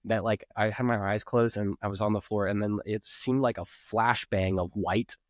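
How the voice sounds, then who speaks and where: A man's voice: on the low side, fairly even intonation, normal speed, dry recording, clean studio sound. A man speaking as a podcast guest, rambling earnestly and filling his sentences with "like". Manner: rambling, earnest, heavy use of "like", restarts. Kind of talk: podcast interview.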